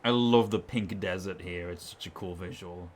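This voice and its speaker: A low-voiced man speaks at normal speed as a let's play host, offering casual commentary while working through an old game. He rambles in a chatty way, filling his asides with fillers.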